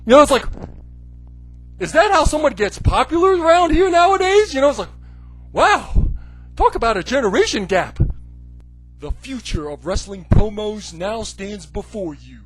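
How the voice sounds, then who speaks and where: Brief: male commentary host, sarcastic, animated, very lively intonation. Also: very high voice, normal speed, breathy edge, faint music behind, low-quality recording. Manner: animated, sarcastic, full of "you know, like". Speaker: wrestling commentary video host. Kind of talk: comedic rant.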